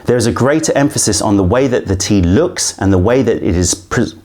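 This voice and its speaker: A man's voice: on the low side, animated, brisk, darkish tone. Playful man vlogging outdoors on location. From England. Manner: keeps restarting takes to camera, playful and chatty. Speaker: tea company host. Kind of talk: casual behind-the-scenes vlog. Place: outdoors in tea mountains.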